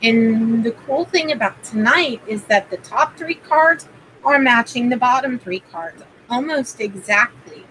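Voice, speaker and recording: A woman's voice: a little high, lively intonation, a little slow, a bit bright, slight background noise, low-quality recording. A woman hosting a casual livestream and doing card readings, rambling with plenty of fillers and greeting viewers by name. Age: adult parent.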